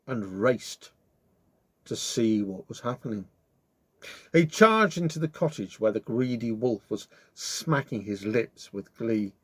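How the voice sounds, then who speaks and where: Animated male storyteller, dry close sound. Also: medium pitch, no echo. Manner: expressive, lively storytelling. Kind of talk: children's story reading.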